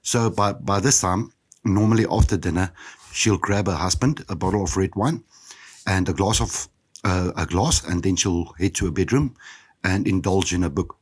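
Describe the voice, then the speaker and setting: A South African man in his fifties, hosting a podcast and telling his own story in a candid, reflective, halting way. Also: sits low, slightly rough. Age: 50s. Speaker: podcast host. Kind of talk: personal storytelling monologue.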